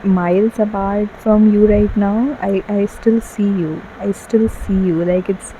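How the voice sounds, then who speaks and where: A woman's voice: medium pitch, fairly even intonation, a little slow, mellow, slight background noise, rough recording. A woman giving an emotional tarot reading, gushing and full of fillers, tearful at times. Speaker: tarot card reader. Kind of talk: casual tarot reading monologue.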